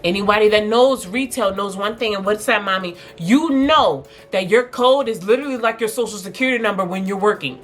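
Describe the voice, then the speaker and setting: A young woman vlogger telling a personal workplace story in a casual, animated way, laughing at times, with faint music behind her. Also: mid-range voice, a little fast, few pauses.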